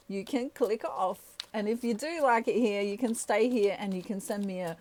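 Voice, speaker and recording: A woman's voice: mid-range voice, darkish tone, slight background noise. A woman chatting playfully through a tarot reading, laughing often as she talks. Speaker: tarot reader. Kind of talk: casual tarot reading monologue.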